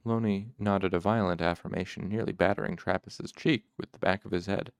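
Gravelly low man narrating a story. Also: steady tone, a little fast, few pauses, no echo, studio quality. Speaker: audiobook narrator. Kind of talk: scripted first-person narration.

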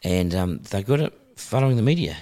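A middle-aged New Zealand man, a broadcaster, telling stories in a casual, animated way and acting out phone calls. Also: on the low side, brisk. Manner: animated, acts out phone calls in character voices. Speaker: broadcaster guest. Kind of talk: casual storytelling.

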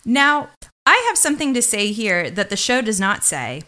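A woman's voice: fairly high pitch, very animated, normal speed, pushed and bright. A woman co-hosting a podcast, recapping a TV episode in casual chat and giving blunt opinions. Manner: blunt and opinionated, acts out characters' lines. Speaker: podcast co-host.

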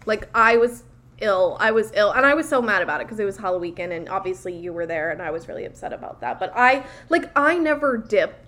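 A young woman in her twenties recalling college days in casual chat, playful and quick to laugh. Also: medium pitch, expressive, a bit bright.

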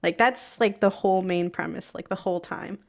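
A young woman in a casual podcast conversation. She explains things loosely and adds little hedges as she goes. Her voice is at a middle pitch for a woman. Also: moderate pace. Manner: chatty, unsure, hedging. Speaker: podcast co-host.

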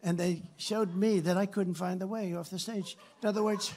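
An older man giving a campaign rally speech from a stage microphone, rambling and repetitive, sarcastic, and swinging between loud and soft. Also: sits high, fairly even intonation, normal speed. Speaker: political candidate. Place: rally stage before a crowd.

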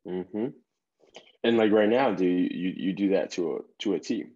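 A man's voice: deep voice, moderate pace, mellow, slightly rough, lo-fi sound. A man hosting a casual interview, laid-back and encouraging, with slangy reactions. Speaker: podcast host.

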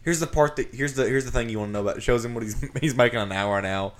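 Animated man telling a work story. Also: medium pitch, fast talker. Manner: animated, laughs through his stories. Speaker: podcast co-host. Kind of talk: casual storytelling chat. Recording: roomy echo.

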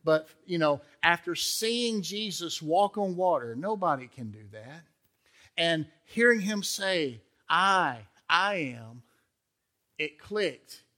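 A man's voice: fairly high pitch, lively intonation, slow, fairly bright tone. A male pastor preaching a sermon in a conversational way, acting out the quotes in character voices.

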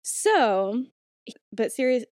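A woman's voice: a little high, very animated, extremely slow, a little mellow, no echo. Young woman podcaster retelling a story, giggly and chatty, lots of likes, dry close mic. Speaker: podcast host.

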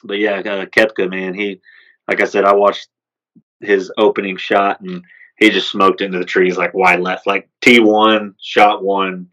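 Deep, flat-voiced man chatting sports. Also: a little slow, poor audio. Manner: relaxed, rambling with many fillers. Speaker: podcast co-host. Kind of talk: casual sports chat.

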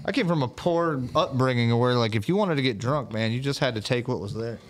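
A man's voice: medium pitch, brisk. A man co-hosting a live-stream podcast, chatting loosely and swearing in casual banter. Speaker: podcast co-host.

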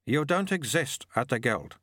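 A man voicing a brisk, dry-witted male monk who recruits a youth, speaking in a sardonic way. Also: mid-range voice, animated, fairly bright tone, no echo, pitched above the performer's own voice.

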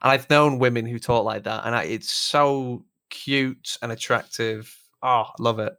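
A young man with a rough Lancashire accent, chatting casually as a podcast co-host, sweary and self-deprecating. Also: medium pitch, steady tone, a little slow, pushed and bright, no room sound, clean studio sound. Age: young adult. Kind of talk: casual chat.

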